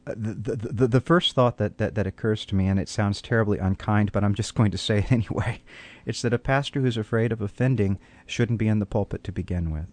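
A man's voice: lowish voice, brisk, darkish tone. A man, a pastor on a call-in radio talk show, answering questions in an earnest, preacherly way and often repeating words as he starts a thought.

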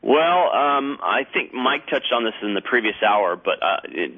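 A male radio guest explaining at length over the phone, pausing often with fillers and restarts. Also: mid-range voice, animated. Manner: halting, many fillers and restarts while explaining. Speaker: guest researcher on a radio show. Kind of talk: radio talk show. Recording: tinny phone line.

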